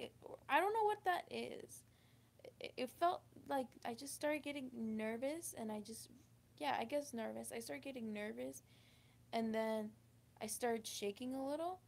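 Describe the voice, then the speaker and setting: A woman with a slightly high voice, gravelly at the edges, speaks straight to the camera. She tells a personal story in a halting, emotional way, stopping and restarting her sentences often. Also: darkish tone. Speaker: vlogger. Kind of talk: confessional storytime.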